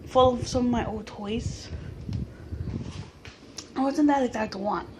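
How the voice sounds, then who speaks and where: A woman in her early twenties telling a personal story to her camera late at night at home, excitable and animated, often restarting her sentences. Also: fairly high pitch, slow pace, a little hiss or hum. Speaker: vlogger. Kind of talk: casual storytelling vlog.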